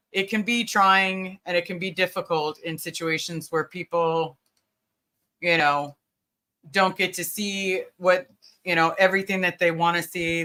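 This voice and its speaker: Bright-voiced woman hosting a livestream. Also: lowish voice. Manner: earnest, reassuring, greets viewers by name. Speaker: livestream host. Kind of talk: casual livestream chat.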